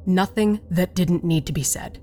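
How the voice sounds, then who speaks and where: A disapproving father, played by a woman, speaks curtly with dry sarcasm. His voice sits on the low side. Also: normal speed, warm tone, soft background music, close to an everyday voice. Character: gruff disapproving older father.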